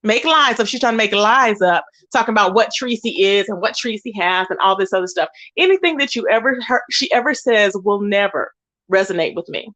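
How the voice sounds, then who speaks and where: A woman's voice: mid-range voice, expressive, a little fast, fairly bright tone. A woman hosting a livestream, ranting indignantly and emphatically while greeting chat viewers. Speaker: livestream host. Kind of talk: heated livestream rant.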